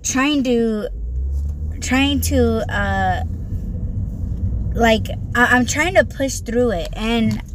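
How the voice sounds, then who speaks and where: Slow, frustrated woman muttering over car noise. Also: fairly high pitch. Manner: frustrated, profane, muttering to herself. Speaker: delivery driver and podcast host. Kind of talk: candid venting recorded on the job. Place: in and around a car while making deliveries. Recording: loud car and street noise.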